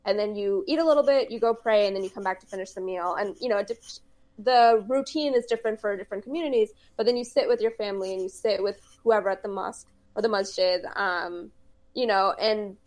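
A woman's voice: medium pitch, fast, a little mellow. A woman co-hosting a podcast, chatting casually and explaining things at length, laughing easily. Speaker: podcast co-host. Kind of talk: casual chat.

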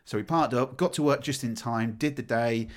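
A man on a podcast telling a story with lots of energy, laughing and swearing as he gets excited. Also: mid-range voice, normal speed. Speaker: podcast co-host. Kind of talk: casual storytelling chat.

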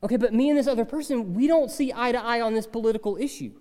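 A man's voice: extremely high pitch, fast talker, darkish tone, long reverb tail, pitched above the performer's own voice. A man voicing a grumbling churchgoer who pleads and protests in an exasperated way. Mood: indignant. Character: whiny complaining churchgoer, adult man.

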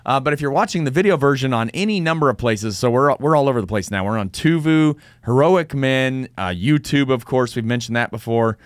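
A man hosting a casual podcast, upbeat and quick to laugh. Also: medium pitch, animated, no room sound, clean studio sound. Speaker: podcast host.

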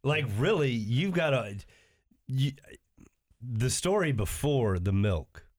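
A man's voice: medium pitch, very animated, slow, darkish tone. A man, a podcast co-host, in casual chat, starting and restarting his sentences.

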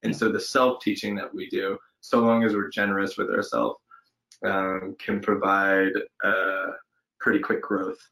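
A man's voice: deep voice, level tone, a little slow, bright, forceful tone, low-quality recording. A man, an actor being interviewed, talking in a reflective, hesitant way with many fillers and restarts. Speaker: actor guest. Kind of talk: casual interview conversation.

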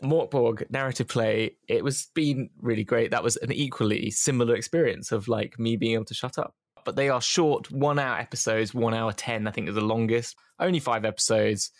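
A man's voice: medium pitch, fairly even intonation, brisk, no room sound. Guy chatting on a podcast, dry close sound, keeps restarting himself, laughs a lot. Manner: rambling, self-interrupting, laughs often. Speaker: podcast co-host. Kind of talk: casual chat.

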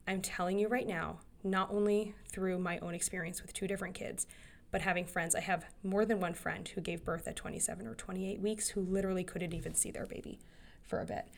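A woman's voice: fairly low pitch, steady tone, brisk, creaky. Earnest woman rambling through heartfelt advice. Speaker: podcast host. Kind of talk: solo podcast monologue.

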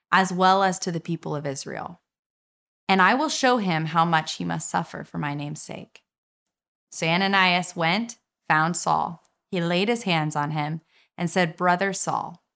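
Woman giving a church sermon, lowish voice. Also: creaky, fairly bright tone. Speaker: guest speaker at a church. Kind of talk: sermon with scripture reading.

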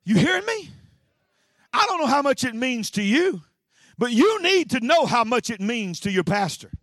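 Male pastor, high tenor, dry close sound, preaches hard and shouts often. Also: sing-song, moderate pace, no echo. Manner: preaching with frequent shouts and repeated phrases. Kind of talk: energetic sermon.

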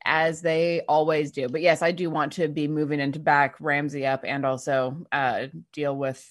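A woman playing a tabletop game speaks in a low voice. She is measured and agreeable as she states her moves and reads out her rolls. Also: level tone. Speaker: player.

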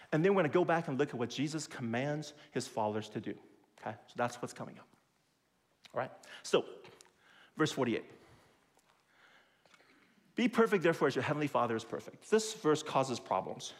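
A middle-aged male pastor giving a sermon in a conversational, emphatic way, with self-deprecating humor. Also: a little high.

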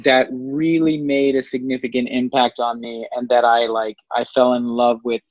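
A man's voice: medium pitch, flat delivery, moderate pace, no room sound. A musician from Canada talking in a casual radio interview, rambling and filling his sentences with "like". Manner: rambling, heavy use of "like" fillers. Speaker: musician guest. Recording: dull lo-fi sound.

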